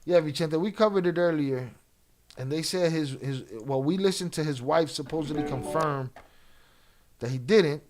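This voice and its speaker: A crowd can be heard behind this livestream host as he chats casually with his viewers. His voice is a little high and moderately paced, and he teases the audience with loose, swearing-laced banter.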